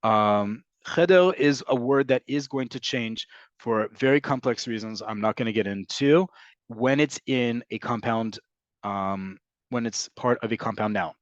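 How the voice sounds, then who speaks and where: A man teaching over a video call at a mid pitch, patiently working through student questions and checking in with "right?" and "um". The audio is muffled and lo-fi. It is also dry, with no room sound. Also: unhurried, no echo. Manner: frequent "um" and "right?" fillers. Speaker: Hebrew teacher. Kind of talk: online class answering questions.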